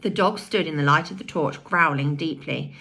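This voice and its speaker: A woman reading a children's novel aloud with expressive storytelling. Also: low voice, moderate pace, creaky, breathy edge. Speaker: audiobook reader.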